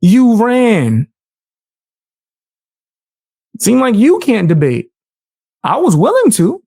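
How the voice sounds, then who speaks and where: A man's voice: extremely high pitch, wildly swooping pitch, a little slow, vocal fry, dark tone, dry recording, studio quality. A man streaming live, reacting to a video with profane, mocking commentary. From United States.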